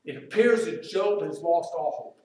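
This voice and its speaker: A man preaching a sermon, turning loud and emphatic as he quotes, then dropping quiet and slow to reflect. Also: on the high side, animated. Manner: emphatic, rises loud when quoting Job, drops quiet and slow to reflect. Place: church sanctuary. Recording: very echoey room, voice from far off.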